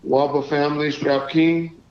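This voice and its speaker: Man, livestream host, casual shout-outs, voice a touch high, muffled lo-fi sound. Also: measured pace. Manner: relaxed, reads out viewer shout-outs. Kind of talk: casual live-stream chat. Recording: echoey, dull lo-fi stream audio.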